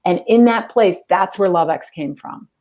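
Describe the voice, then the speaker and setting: A woman guest, an executive coach, giving earnest, fast-moving answers about love and spirituality in an interview. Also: on the low side, darkish tone.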